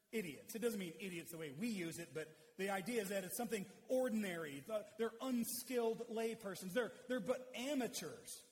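High-voiced preacher in a reverberant hall. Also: male voice, a little mellow. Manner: conversational, explanatory. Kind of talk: expository sermon.

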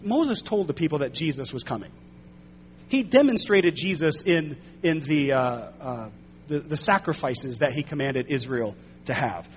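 A man with a high voice preaches a sermon, leaning hard into key words and slowing down to stress them. The sound is a little dull, with a faint hum under it. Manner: emphatic preaching, swelling louder and slowing for stress. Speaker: pastor.

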